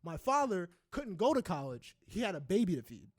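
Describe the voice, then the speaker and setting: A young man with a high voice talks in a heated, profane rant on a podcast, tripping over restarts as he pushes his point. The sound is dry and close. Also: very animated, brisk, no room sound. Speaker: podcast co-host. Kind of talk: casual podcast chat.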